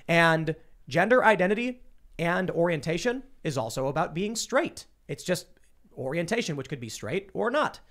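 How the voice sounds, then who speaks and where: A man hosting a political panel talk show, speaking in an emphatic, sarcastic way. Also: on the high side. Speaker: show host.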